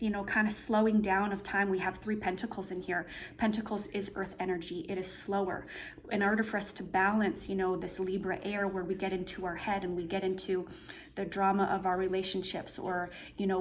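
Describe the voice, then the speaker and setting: A mid-range female voice comes through with slight background noise as she explains tarot cards indoors, a painting hanging behind her. Her casual reading drifts along, peppered with fillers and restarts.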